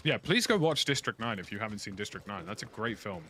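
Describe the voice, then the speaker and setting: A man's voice: fairly low pitch, animated, fast. A young British man chatting casually and rambling through frank opinions while streaming a game. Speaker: gaming streamer. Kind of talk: casual commentary while playing. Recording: noisy game audio underneath.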